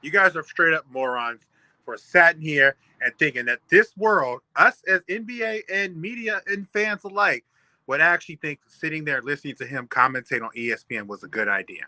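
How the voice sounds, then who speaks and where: A man's voice: on the high side, animated, moderate pace, pushed and bright, no echo. A man co-hosting a sports podcast, ranting emphatically in casual talk. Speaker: podcast co-host.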